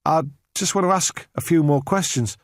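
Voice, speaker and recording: A man's voice: a little high, normal speed, no echo, clean studio sound, voice pushed up, natural voice. A man voicing a methodical male police inspector, formal and businesslike as he questions people. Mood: probing.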